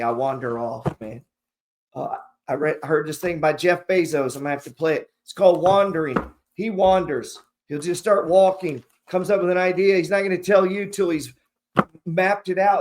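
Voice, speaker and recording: Investing host, male, a bit high-pitched, casual, swears freely, tells rambling stories. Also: a little hiss or hum. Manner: rambling, profane, storytelling with slang. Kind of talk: casual motivational talk to camera.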